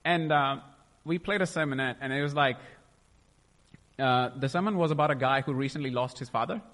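A man's voice: medium pitch, a little fast, a bit bright, big-room sound. A young man sharing a personal faith testimony, emotional and rambling, often stopping to restart his sentences. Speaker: testimony speaker.

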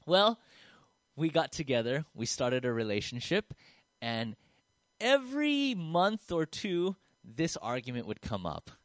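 Earnest preacher, dry close sound. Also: male voice, mid-range voice, huge pitch swings, measured pace, dry recording. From Australia. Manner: conversational, acts out dialogue in a raised voice, turns quiet and earnest. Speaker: pastor. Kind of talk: storytelling sermon.

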